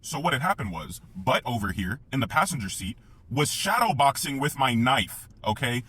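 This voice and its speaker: Husky young man telling a wild story. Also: mid-range voice, moderate pace, dry recording. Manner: profane, animated retelling that acts out the sounds of the story. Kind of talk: casual storytime monologue.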